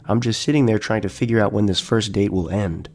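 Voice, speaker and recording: A man narrating a true-life story in a dry, deadpan storytelling manner. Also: lowish voice, fairly quick. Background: faint background music.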